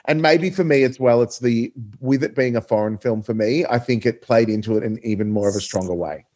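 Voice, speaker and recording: A man's voice: medium pitch, brisk, a little mellow. A man in casual podcast chat who cuts in eagerly, full of enthusiasm.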